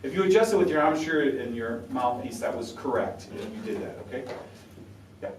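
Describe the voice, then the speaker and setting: A man's voice: medium pitch, lively intonation, normal speed. A man coaches a saxophone quartet in a chatty, encouraging way and sounds out syllables for the players. His voice carries the echo of a roomy space and comes from some distance off the mic. A faint ambient hum sits behind him. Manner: talkative, encouraging, demonstrates syllables aloud.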